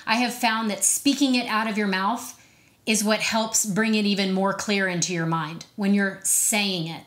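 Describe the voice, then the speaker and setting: A chatty, upbeat woman in her thirties talks straight to camera as a motivational host. She speaks at an ordinary middle pitch and slips in playful acted-out inner voices. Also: fairly bright tone. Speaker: host of a self-help video series. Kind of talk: casual motivational talk to camera.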